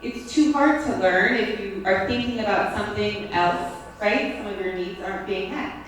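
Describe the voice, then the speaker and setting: A woman's voice: medium pitch, normal speed, a little hiss or hum. Echoey far-off woman giving a lecture. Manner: conversational, checks in with "right?" and "okay?". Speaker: lecturer on teaching and the brain. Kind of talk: classroom lecture. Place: lecture room at a school. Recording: very echoey room, mic far off.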